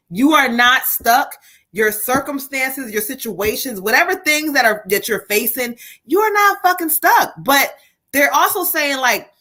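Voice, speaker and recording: A woman's voice: on the high side, pushed and bright. A woman hosting a live tarot reading, blunt and emphatic and full of profanity. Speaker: livestream host and tarot reader.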